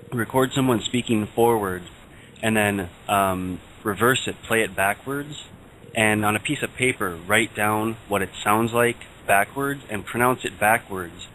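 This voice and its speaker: Low young male voice, relaxed hesitant regular, faint noise. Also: rough recording. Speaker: show regular. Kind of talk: casual chat.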